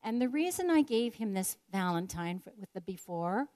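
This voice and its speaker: A woman's voice: medium pitch, sing-song, normal speed, a little mellow. Older woman telling a reflective story. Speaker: speaker sharing a personal story. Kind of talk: personal devotional talk.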